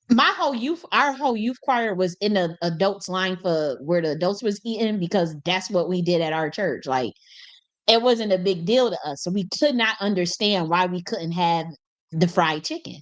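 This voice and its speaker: Animated woman telling a story, laughing. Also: medium pitch, moderate pace. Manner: animated, laughs often, swears, colloquial. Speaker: host. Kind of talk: casual storytelling monologue.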